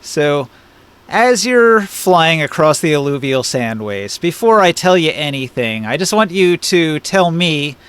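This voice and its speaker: A man's voice: on the high side, very animated, measured pace, fairly bright tone, clean tone. A man running a tabletop game on a live stream, chatty and explaining with many fillers. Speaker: game master.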